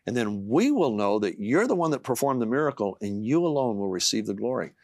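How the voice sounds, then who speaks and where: A middle-aged man, a guest author, earnestly tells a personal faith story in an interview, often halting with fillers and restarts. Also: mid-range voice, very animated, a little mellow, dry recording. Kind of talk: testimony in a talk-show interview.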